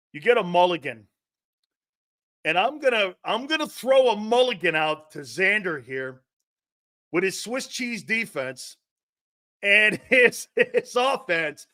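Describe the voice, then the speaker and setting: Sports talk host, middle-aged man, brash and profane storyteller, high-pitched, sharp tone. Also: no room sound, clean studio sound. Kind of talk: animated sports talk monologue.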